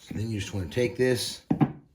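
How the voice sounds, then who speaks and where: A man's voice: fairly low pitch, a little fast, heavy background noise. A man hosting a casual build tutorial, folksy and playful, with bursts of exclamation. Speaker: RC car builder, channel host.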